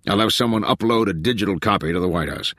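Man voicing a gruff agency chief, middle-aged, husky, commanding, brisk. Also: on the low side, fairly bright tone, no room sound, clean studio sound.

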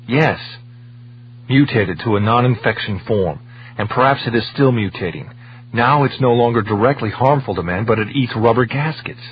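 A man's voice: medium pitch, normal speed, lightly acted. A man voicing an urgent male scientist who presses his argument emphatically, on a dull lo-fi recording with a faint hum.

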